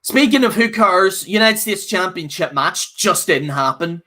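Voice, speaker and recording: A man's voice: sits high, expressive, measured pace, sharp tone. A man hosting a casual live review, rambling and exasperated, with many fillers and restarts. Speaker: host reviewing a wrestling show.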